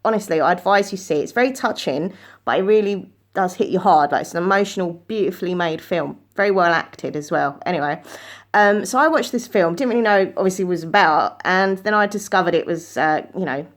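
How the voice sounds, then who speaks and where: A woman telling a personal story to camera, in an earnest, chatty way, often jumping up in pitch when she quotes herself. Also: brisk.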